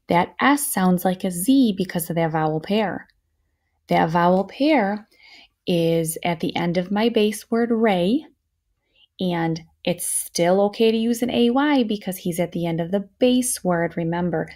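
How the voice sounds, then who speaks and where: A woman teaching a children's phonics lesson, speaking slowly and clearly, encouraging her listeners. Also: fairly low pitch, dark tone.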